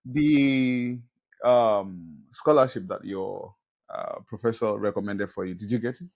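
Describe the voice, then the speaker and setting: A man's voice: lowish voice, unhurried, creaky, a little mellow, highs cut off. A man hosting a podcast, asking a guest probing follow-up questions and adding brief backchannels. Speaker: podcast host. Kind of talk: interviewing a guest.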